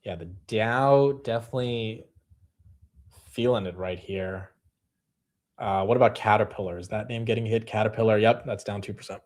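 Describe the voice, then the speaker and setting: Excitable man hosting a market livestream. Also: fairly low pitch. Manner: excitable, swings loud and fast, joking. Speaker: livestream host. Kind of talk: casual market livestream chat.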